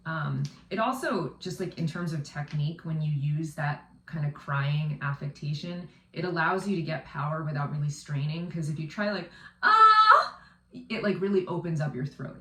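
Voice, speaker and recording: A woman's voice: deep voice, moderate pace, a little hiss or hum. A woman in her thirties, a vocal coach, chatting casually as she reacts to a music video, with lots of ums and likes. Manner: chatty, filler-heavy with frequent um and like. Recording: roomy echo, off-mic distance.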